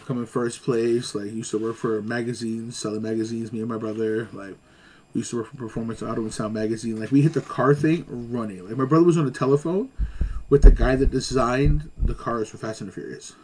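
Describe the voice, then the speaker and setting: A man telling stories in casual chat as a guest, animated and slangy, laughing along. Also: medium pitch, a little fast, a little hiss or hum.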